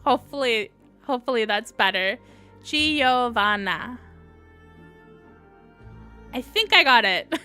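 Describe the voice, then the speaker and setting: A woman's voice: a little high, animated, fairly quick, pushed and bright, clean tone, faint music behind. A young woman hosting a casual livestream, chatting and answering viewers' comments as she goes. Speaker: livestream host.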